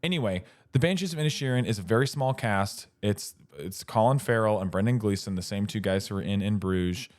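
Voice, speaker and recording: This is a man in his thirties chatting on a podcast in a low-pitched voice. He rambles with enthusiasm, stacking up fillers and restarting his sentences as he goes. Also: brisk, hardly any pauses, darkish tone. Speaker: podcast co-host. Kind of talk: casual chat.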